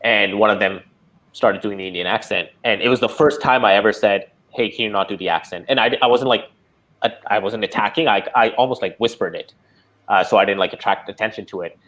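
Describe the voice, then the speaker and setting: Lower-voiced man telling stories as a guest. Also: a little fast. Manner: storytelling, expressive, acts out quotes. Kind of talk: casual discussion.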